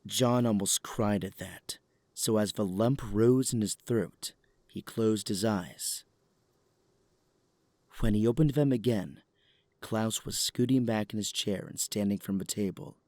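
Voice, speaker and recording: A man narrating a story in calm, even scripted narration for an audio drama. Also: lowish voice, unhurried, no room sound.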